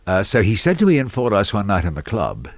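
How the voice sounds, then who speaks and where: An Australian man with a very low voice tells career stories in an interview, his pitch swooping widely as he acts out the people in them. He sounds like the radio disc jockey he is. The recording is dry and close, with no room sound. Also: huge pitch swings, a little fast, no room sound. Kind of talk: anecdotal storytelling in an interview.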